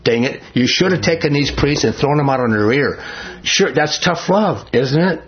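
A man's voice: fairly high pitch, animated. Man teaching scripture, dull lo-fi sound. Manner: reads scripture slowly, then talks in a heated, emphatic way. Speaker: Bible teacher. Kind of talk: Bible study teaching.

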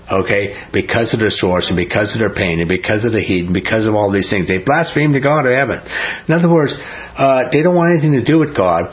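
A man's voice: on the low side, lo-fi sound. A man teaching a Bible chapter verse by verse in a folksy way, often asking "right?" and laughing.

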